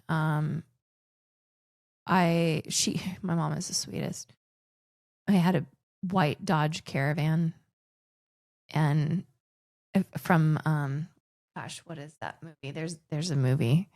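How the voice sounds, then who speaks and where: A woman's voice: low-pitched, fairly even intonation, slow pace, long pauses, darkish tone, no room sound, studio quality. A woman in her forties, raised in the Philippines, telling personal stories as a podcast guest in a chatty way, often restarting her sentences. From grew up in the Philippines. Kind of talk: casual conversational storytelling.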